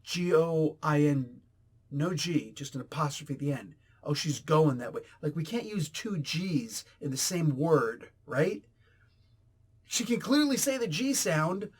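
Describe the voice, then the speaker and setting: A man reviews a comic book in a blunt, rambling, exasperated rant. His voice sits slightly high for a man. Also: expressive, unhurried, breathy edge. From New Jersey, US. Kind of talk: casual ranting review.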